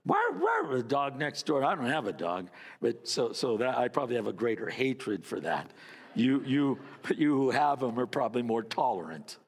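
A man's voice: medium pitch, in a large hall. A man preaching a sermon, telling a story and mimicking barking dogs with playful asides. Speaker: pastor.

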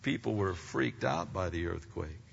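A man preaching a sermon. He swings between loud, emphatic peaks and hushed, low passages. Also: unhurried, gravelly, a little hiss or hum. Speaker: pastor. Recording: muffled sound with long hall reverb.

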